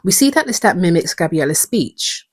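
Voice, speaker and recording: A woman, hosting a calm, measured episode breakdown, reflective in tone. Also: lowish voice, breathy edge, dry recording. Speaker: video essay host.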